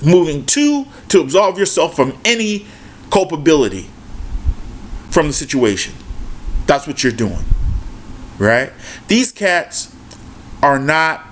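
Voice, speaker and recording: A man with a lively, animated voice that rises and falls, talking fast and emphatically. He runs his own basketball commentary channel and keeps asking "right?" and throwing in "man" between points. A faint hiss of noise sits under the recording. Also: on the high side. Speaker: basketball YouTuber. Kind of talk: casual opinion rant.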